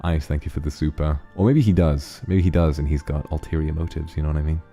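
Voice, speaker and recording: A male streamer chatting loosely with his audience and thanking supporters as he goes. His voice sits very low, with quiet background music playing under it. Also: fast talker. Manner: relaxed, rambling, thanks donors. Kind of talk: casual stream chat reading donations.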